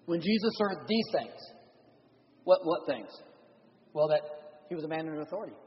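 A man preaching a revival sermon as pastor, animated, shifting between loud and hushed delivery. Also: on the high side, normal speed, pauses often. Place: church sanctuary. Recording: dull audio with long church reverb.

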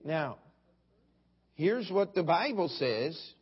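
A man's voice: on the high side, big pitch swings, slow, slightly rough. A middle-aged man preaching a sermon as pastor, telling folksy stories and mimicking other preachers. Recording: dull lo-fi sermon recording.

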